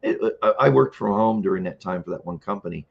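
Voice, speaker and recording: Older male stream host, low gravelly husky voice, rambling chat with throat clearing, dull lo-fi audio. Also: lively intonation, fast talker. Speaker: livestream host. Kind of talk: casual live-stream chat.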